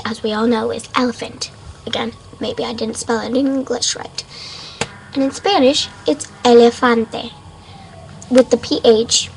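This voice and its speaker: A woman of Mexican background giving a casual webcam vocabulary lesson at her desk, unsure of herself and repeating words slowly. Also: a little high, creaky, slight background noise, low-quality recording. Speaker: amateur language teacher. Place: home room at a desk.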